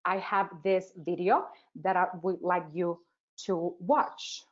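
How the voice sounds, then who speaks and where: A woman teacher trainer presenting a webinar, asking rhetorical questions and pausing often with "uh" fillers. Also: on the low side, fairly even intonation. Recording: dull, lo-fi webinar audio.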